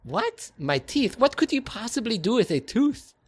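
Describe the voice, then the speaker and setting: A man's voice: fairly high pitch, unhurried. A man voicing a poor, naive young woman, with a raised, prim voice and a put-on English accent. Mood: pleading.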